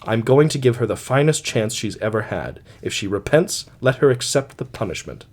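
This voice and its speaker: A man's voice: medium pitch, lively intonation, normal speed, close to an everyday voice. A man reading aloud, voicing a zealous missionary who speaks in a hard, stern, preacherly way. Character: stern, zealous middle-aged male missionary.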